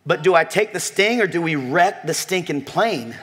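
A man preaching a sermon to a congregation, animated and joking, telling a story and talking directly to his listeners. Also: on the high side, normal speed. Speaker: pastor.

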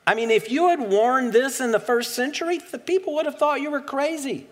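A man's voice: very high-pitched, fairly quick. A male pastor reads scripture aloud and explains it in a casual, digressive way, with self-deprecating asides. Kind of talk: conversational sermon reading and explaining scripture.

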